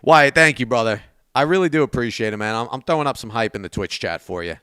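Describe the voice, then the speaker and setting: A man's voice: medium pitch, quick pace, pushed and bright, smooth, no echo, clean studio sound. A man streaming a game and chatting casually with his viewers, thanking donors and talking straight to chat from his desk.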